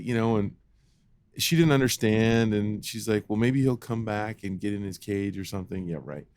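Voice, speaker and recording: A man co-hosting a podcast, telling a childhood story in an animated, casual way and acting out the voices. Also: fairly low pitch, normal speed, clear, resonant tone, dry recording. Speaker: podcast co-host.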